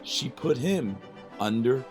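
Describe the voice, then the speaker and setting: A man reading a children's storybook aloud with expressive narration. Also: medium pitch, takes it slowly. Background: faint music.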